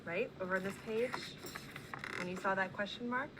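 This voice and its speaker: A woman teacher with a mid-range voice works one-on-one with a young reader. She is patient and encouraging, prompting him with questions. The recording carries clear background noise from the classroom. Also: medium pitch, normal speed. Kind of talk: one-on-one reading conference with a child.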